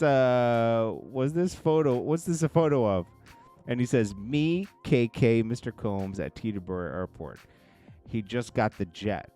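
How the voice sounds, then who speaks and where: A man reading court testimony aloud in a casual commentary style, in a low murmur broken by quick reactions. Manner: reads quotes in a low murmur, then reacts loudly with laughs.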